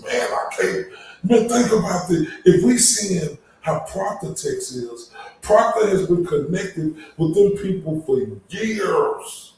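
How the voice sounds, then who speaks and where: A man's voice: a little high, a little slow, darkish tone. A man giving angry commentary, cursing heavily and drawn out in his complaints. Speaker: online commentator. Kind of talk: profane ranting commentary. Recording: very echoey room, far from mic, faint noise.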